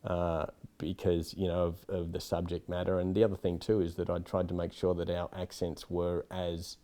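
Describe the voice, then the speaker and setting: A man's voice: low-pitched, monotone, moderate pace, warm tone. An Australian man, a film director, giving frank, rambling interview answers with many asides. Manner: rambling, frank, lots of "you know".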